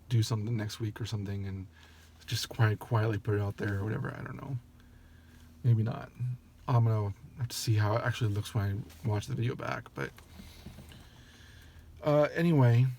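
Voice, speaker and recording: A man's voice: on the low side, warm tone, a little hiss or hum. A man reading a story aloud, then chatting casually and apologizing for slips and restarts. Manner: apologetic, self-correcting. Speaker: story reader.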